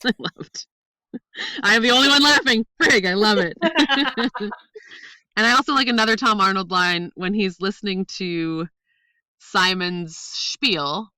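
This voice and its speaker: Podcast co-host, woman, bright voice, dry close mic, laughs a lot while retelling scenes. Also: mid-range voice, measured pace, dry recording, poor audio. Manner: laughs often, acts out movie lines with gusto. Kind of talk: casual movie-review chat.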